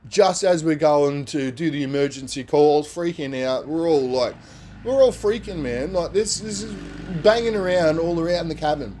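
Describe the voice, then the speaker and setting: Man, podcast storyteller, casual animated telling, slangy, swears, fillers like "man" and "right?". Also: fairly high pitch, moderate pace.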